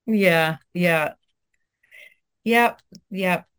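Thoughtful female author, thirties, lowish voice, hesitant and reflective. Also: extremely slow, clear, resonant tone. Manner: soft, reflective, with many hesitations and restarts. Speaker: guest author. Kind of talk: conversational interview, then reading her own essay aloud.

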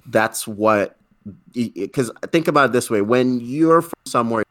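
A man's voice: medium pitch, moderate pace, a bit bright, no room sound, studio quality. A man in his twenties chatting casually about a film on a remote call, rambling through long tangents with restarts. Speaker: podcast co-host.

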